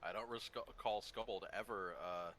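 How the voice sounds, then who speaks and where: Bright-voiced man chatting casually. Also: on the low side, fairly even intonation, unhurried, a little hiss or hum. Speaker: player. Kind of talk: casual chat before a tabletop game.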